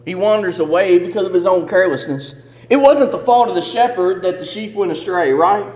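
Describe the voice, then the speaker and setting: A man preaches with a rhythmic, emphatic cadence, his voice sitting high for a man. The sound carries a long reverb from a church hall. He builds his points through repeated phrases. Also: a little fast, darkish tone. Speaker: pastor. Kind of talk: sermon.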